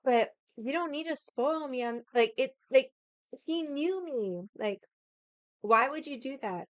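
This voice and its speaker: A woman's voice: sits high, animated, unhurried, no room sound, muffled recording. A woman in her forties with a Boston accent, ranting casually and bluntly to camera with heavy swearing and indignation. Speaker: vlogger.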